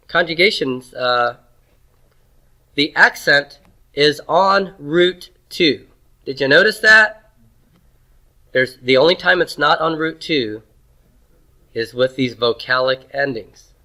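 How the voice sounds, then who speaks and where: A man's voice: fairly high pitch, animated, slow, long pauses, sharp tone, rough recording. A man lecturing a class, drilling pronunciation and asking questions. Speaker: teacher.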